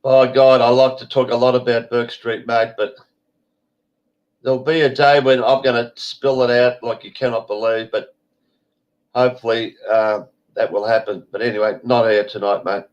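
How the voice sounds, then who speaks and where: A man's voice: mid-range voice, flat delivery, normal speed, a little mellow. Give me a stuffy-nosed Australian man rambling bluntly on a lo-fi stream. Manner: swears freely, blunt and rambling. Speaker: show host. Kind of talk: rambling casual monologue. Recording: dull lo-fi stream audio.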